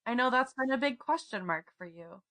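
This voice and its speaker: A woman's voice: on the high side, lively intonation, fairly quick, pushed and bright. Earnest woman podcaster in her thirties. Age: 30s. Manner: earnest, heartfelt, laughs often. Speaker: podcast co-host. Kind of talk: casual chat.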